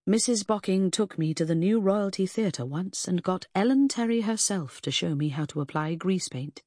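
A woman voicing a scarred, veiled woman who speaks softly and ruefully, in a period audiobook. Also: on the low side, moderate pace, dry recording, clean studio sound, natural voice. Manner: soft, rueful speech.

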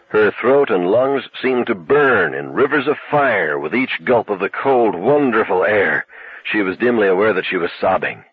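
A man narrating a novel as an audiobook in a steady, measured way. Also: fairly low pitch, slightly rough. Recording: tinny narrow-band recording.

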